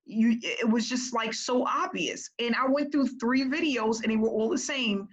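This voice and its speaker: Lively woman coaching on a call. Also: a little high, moderate pace, rough recording. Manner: energetic and conversational, often tagging "right?". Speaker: business coach.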